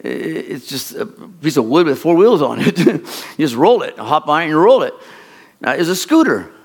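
A middle-aged man preaching a sermon as a pastor, telling a folksy, rambling childhood story in an animated way. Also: on the high side, normal speed, slightly rough.

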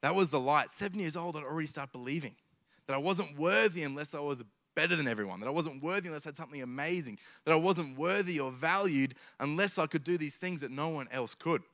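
A man's voice: on the high side, quick pace, a bit bright. A man preaching a sermon in an earnest way, building his points through emphatic repetition.

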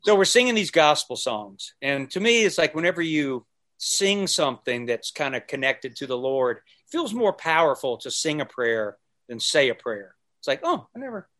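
A man's voice: medium pitch, normal speed. A man who is a podcast guest, telling stories in a casual conversation and acting out the people he quotes. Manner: animated storyteller who acts out quotes and sings snippets.

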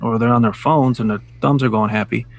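A middle-aged man with a gravelly, somewhat husky voice, chatting on a casual podcast. He tells stories in a reflective, measured way and chuckles at his own jokes. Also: mid-range voice, fairly even intonation, no room sound. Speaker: podcast co-host. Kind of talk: casual chat.

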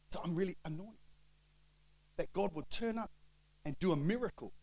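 Kiwi pastor telling stories in a sermon, fairly high voice, acts out all the bits. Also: male voice, rough recording. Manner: lively, acts out dialogue with shifting voices. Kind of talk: storytelling sermon.

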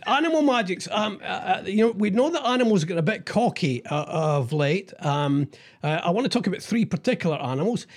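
A man co-hosting a jokey morning radio show, rambling and halting with lots of fillers. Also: sits high, animated. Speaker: radio co-host.

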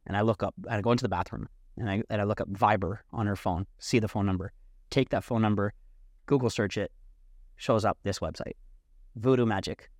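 Animated, profane male storyteller, dry sound. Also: lowish voice, a little fast, no echo. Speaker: podcast guest. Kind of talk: casual storytelling.

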